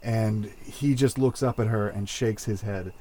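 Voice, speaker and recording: A man narrating as game master for a tabletop game, slow and hesitant with many fillers. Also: fairly low pitch, fairly even intonation, dark tone.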